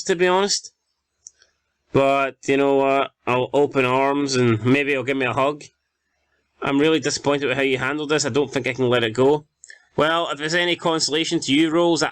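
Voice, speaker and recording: A young Scotsman commentates casually on his football manager game for YouTube, swearing out of exasperation as he narrates the play. The dry recording captures a medium-pitched, smooth voice with a fairly bright tone.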